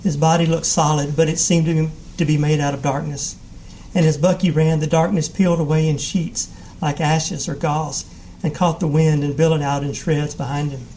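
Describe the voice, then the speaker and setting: Man reading a story aloud, slightly high voice. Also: slight background noise, poor audio. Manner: measured, steady narration.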